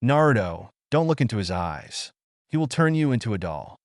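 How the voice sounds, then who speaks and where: A man's voice: mid-range voice, big pitch swings, normal speed, dry recording. Man voicing small cheeky male cat; storybook read, dry. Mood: warning.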